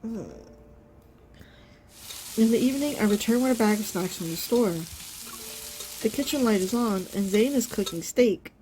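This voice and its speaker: A woman's voice: on the high side, normal speed, pauses often, warm tone, a little hiss or hum. Gushing woman reacting to a game. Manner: effusive, gushing, keeps exclaiming and trailing off. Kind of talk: emotional reaction video, reading game text aloud.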